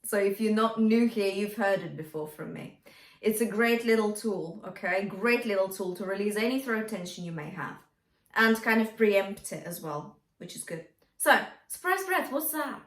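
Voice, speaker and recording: A woman's voice: mid-range voice, expressive, normal speed. A woman vocal coach teaching a singing lesson, often checking in with "yeah?" and singing short lines to demonstrate. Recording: roomy, from a distance.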